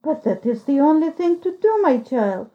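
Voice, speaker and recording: A woman voicing a kindly, sad noblewoman who speaks softly. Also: sits high, sing-song, normal speed, highs cut off, pitched above the performer's own voice. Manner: soft, sorrowful.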